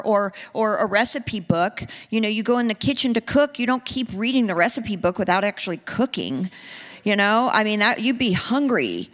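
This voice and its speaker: Woman preaching a sermon, earnest, goes soft then builds up loud, long echo in a big church hall. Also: mid-range voice, animated, normal speed. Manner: earnest, builds from soft and hushed to rising and emphatic.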